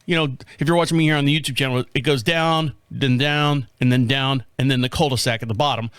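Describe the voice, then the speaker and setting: A man's voice: mid-range voice, fairly even intonation, quick pace, fairly bright tone, clear, resonant tone, no room sound, studio quality. A man in his fifties hosting his own show, telling a rambling story in casual talk. He swears freely and laughs often at his own stories. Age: 50s. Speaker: podcast host.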